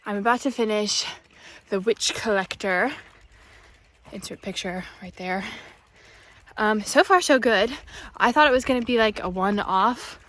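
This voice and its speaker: A young woman chatting casually on a book vlog, a little out of breath, rambling and joking at herself while outdoors in grassy countryside. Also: medium pitch. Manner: rambling, chatty, self-deprecating. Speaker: book vlogger. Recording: outdoor phone recording with noise.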